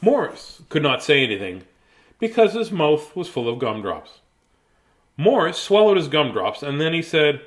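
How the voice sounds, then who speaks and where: A man's voice: on the high side, big pitch swings, normal speed. A man in his fifties reading a children's book aloud on his show, chatty and prone to rambling asides. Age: 50s. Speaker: host reading children's books. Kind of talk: casual live read-aloud.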